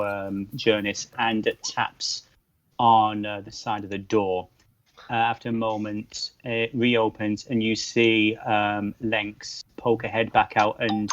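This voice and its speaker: A man narrating as game master of a tabletop game, relaxed and hesitant, often pausing on "um" and laughing easily. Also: medium pitch, dull audio.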